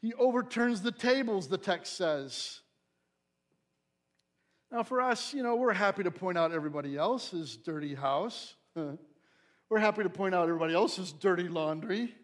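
Fervent high-voiced male preacher. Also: expressive, normal speed. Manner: fervent, building to emphatic questions. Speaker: pastor. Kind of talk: sermon.

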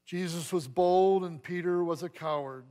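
High-voiced pastor preaching animatedly. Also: male voice, normal speed, dark tone. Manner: dramatic acting out of scripture dialogue. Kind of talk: sermon.

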